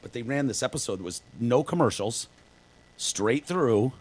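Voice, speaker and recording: A man's voice: mid-range voice, expressive, normal speed, low-quality recording. A man co-hosting a podcast in casual chat, telling stories loosely with lots of fillers and swearing. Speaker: podcast co-host.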